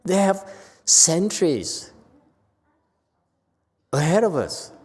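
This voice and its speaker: A man giving an informal Buddhist dharma lecture, talking conversationally with animated bursts and frequent restarts. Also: on the high side, slow, husky. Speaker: Buddhist teacher. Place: temple lecture hall. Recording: long hall reverb.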